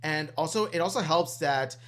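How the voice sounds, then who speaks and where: Co-host guy, kinda high voice, earnest, gets excited, repeats himself. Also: normal speed. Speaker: podcast co-host. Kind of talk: casual chat.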